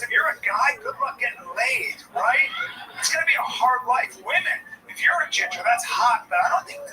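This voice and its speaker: A middle-aged man doing stand-up comedy storytelling, animated and exasperated, ranting about fatherhood. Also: extremely high pitch. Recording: distant mic with loud room noise.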